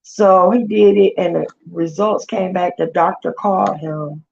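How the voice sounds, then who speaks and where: Gravelly-voiced woman telling a story. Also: fairly low pitch, a little slow, dull audio, a little hiss or hum. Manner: animated retelling with quoted voices. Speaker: vlogger. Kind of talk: casual storytelling chat.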